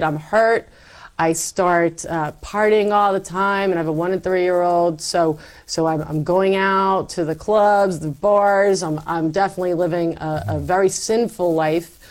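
Middle-aged woman, low pitch, animated testimony storyteller. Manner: animated storyteller, acts out quoted lines. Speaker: guest telling her faith story. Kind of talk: personal testimony in conversation.

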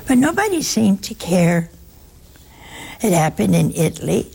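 A woman's voice: on the low side, very animated, a little slow, vocal fry, darkish tone, breathy edge. An older woman, a religious sister, gives an informal talk to an audience, telling stories in a folksy, joking way.

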